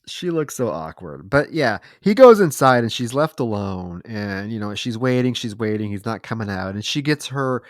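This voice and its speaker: A podcast host retells a horror film scene by scene in a lively, profane recap, throwing in mock voices. His fairly low voice moves at normal speed with hardly any pauses, recorded in studio quality with no echo.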